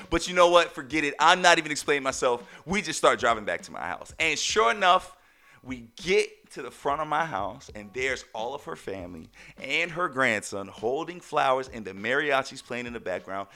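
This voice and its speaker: A young man hosting a podcast, telling a family story in casual slang, full of "like" and "right?". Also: medium pitch. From Texas. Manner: animated, talks in loose slang with lots of "like" and "right?". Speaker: podcast host.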